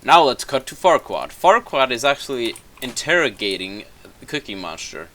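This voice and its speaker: A man's voice: mid-range voice, very animated, moderate pace, bright, forceful tone. A young man casually retelling a story while gaming, rambling, swearing constantly and correcting himself as he goes. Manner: profane, rambling, self-correcting. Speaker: gaming commentator.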